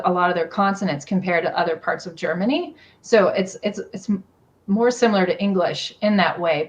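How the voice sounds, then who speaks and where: A woman with an Appalachian accent, a storyteller guest in a casual chat on a video call, talkative and animated. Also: fairly low pitch. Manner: talkative, animated, many fillers.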